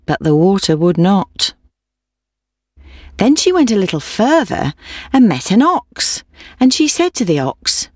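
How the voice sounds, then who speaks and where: A woman reading a repeating folk tale aloud in a steady, rhythmic storytelling manner. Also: fairly low pitch, measured pace, dry recording, clean studio sound.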